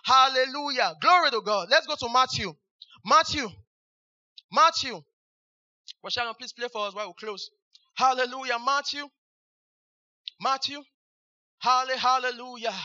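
A high, very bright male preacher, exclaiming hallelujah over and over between verses. His voice is sharp and piercing, and the recording is dull and lo-fi. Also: normal speed, long pauses. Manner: exclamatory, repeats hallelujah, fervent. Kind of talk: sermon.

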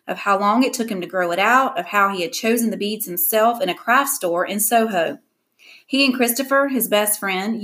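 A woman reads a first-person audiobook narration with expressive, lively delivery. Her voice sits at a mid pitch.

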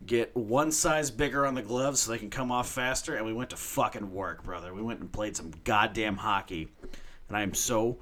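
A man co-hosting a podcast, ranting loudly and profanely in casual chat. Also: lowish voice, moderate pace. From United States. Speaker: podcast co-host.

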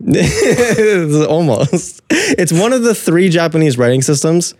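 A young man with a slightly higher voice chats easily on a podcast, teasing his friend and laughing through his sentences. The sound is dry and close, with no room around it. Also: big pitch swings, slow, darkish tone, dry recording. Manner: chatty, laughs often, teasing. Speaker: podcast co-host. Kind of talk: casual podcast chat.

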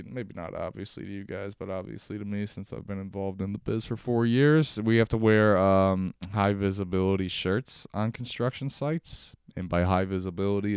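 A young podcast host sits on his couch at home, speaking solo into his mic in a sarcastic, profane comedic rant. His slightly low voice is very smooth and clean. The recording is close and dry, with no room sound or echo.

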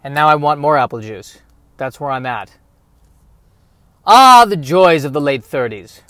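A man's voice: on the high side, expressive, unhurried, bright, forceful tone, clear, resonant tone, dry recording. A man in his thirties hosting a podcast, rambling through a self-deprecating comedic monologue. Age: 30s. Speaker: podcast host.

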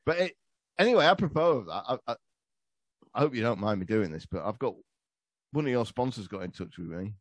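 A man's voice: on the low side, expressive, a little fast, long pauses, dry recording. A man, a podcast guest telling crude, swearing stories in casual comedy chat. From England. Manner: crude, swearing, laughing storyteller.

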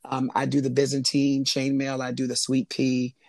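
A man speaking as an interview guest, answering thoughtfully and pausing often to find his words. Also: medium pitch, monotone, creaky, a little mellow, no echo. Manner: thoughtful, halting with frequent ums. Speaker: interview guest, jewelry maker. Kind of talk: conversational interview.

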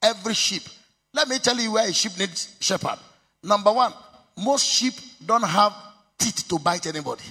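A man with a Nigerian Yoruba accent preaching a sermon as pastor, mixing languages, with sing-song emphasis and sudden shouts. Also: high-pitched, animated, moderate pace, breathy edge. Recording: long reverb of a hall.

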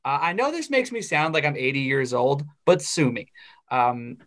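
A young man co-hosting a sports podcast, talking casually and getting heated and animated as he airs his opinions. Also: fairly high pitch, normal speed. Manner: opinionated, animated when ranting. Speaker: podcast co-host. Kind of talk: casual chat.

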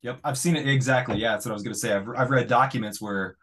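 Brief: casual interviewer, quick affirmations, middle-pitched voice. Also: fairly bright tone, slight background noise. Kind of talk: conversational interview.

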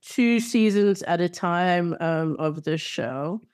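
A woman's voice: lowish voice, slow pace, a little mellow. A woman co-hosting a podcast, chatting casually and enthusiastically about television with playful asides. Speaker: podcast co-host. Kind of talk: casual chat.

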